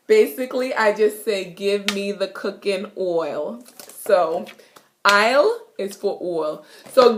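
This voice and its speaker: A woman's voice: mid-range voice, slight background noise. Playful young Jamaican woman teaching. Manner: playful, giggly, repeats words slowly. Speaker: vlogger teaching patois. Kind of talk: casual video lesson. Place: home kitchen.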